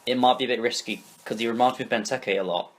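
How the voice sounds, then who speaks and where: A man's voice: medium pitch, fairly even intonation. Brief: young British man, podcast host, opinionated casual football talk. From Britain. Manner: opinionated, quick, asks questions.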